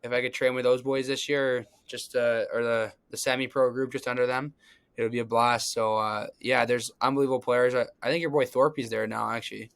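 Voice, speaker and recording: A man's voice: mid-range voice, fairly even intonation, fairly quick, vocal fry, a bit bright, smooth. A young man, a hockey player guest on a podcast, talking casually and hesitantly with many fillers. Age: young adult. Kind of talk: casual chat.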